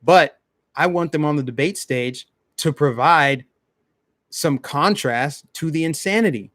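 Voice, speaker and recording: A man's voice: on the high side, measured pace, a bit bright, no room sound, clean studio sound. A man hosting a live stream, ranting bluntly in casual commentary and talking straight to his chat.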